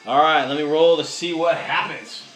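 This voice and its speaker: A man running a tabletop wargame, casual and excitable, counting dice out loud. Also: fairly high pitch, moderate pace. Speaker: game master. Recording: echoey room with music behind.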